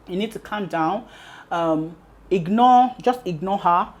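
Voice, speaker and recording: A woman voicing an older father who calmly tells his daughter to ignore things. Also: mid-range voice, measured pace, lo-fi sound, close to an everyday voice. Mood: soothing. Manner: soothing, dismissive.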